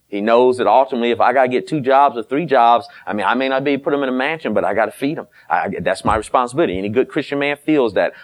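Blunt, folksy preacher man. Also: medium pitch. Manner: folksy and blunt, with teasing asides and quoted dialogue. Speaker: pastor. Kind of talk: sermon on marriage.

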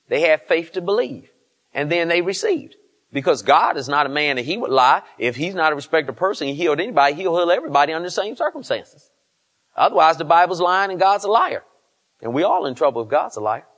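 A man's voice: a little high, fairly bright tone. A man pastor preaching a sermon in church, asking the congregation questions and rising to emphatic peaks. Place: church service.

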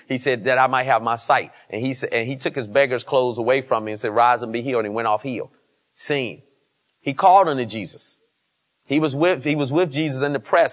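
A man's voice: mid-range voice, a bit bright. Man, pastor, church sermon, emphatic call-and-response preaching. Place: church service.

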